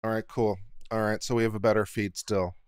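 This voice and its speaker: A man's voice: lowish voice, level tone, brisk, a little hiss or hum. A man hosting a live legal commentary stream, chatting casually and muttering to himself as he sets up a video feed.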